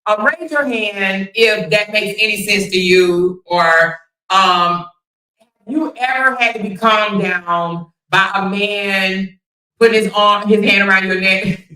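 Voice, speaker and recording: A woman's voice: medium pitch, takes it slowly, pushed and bright, far from the mic. A woman hosting a casual commentary livestream, talking bluntly and profanely and firing rhetorical questions at her viewers. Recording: echoey room, voice somewhat off mic.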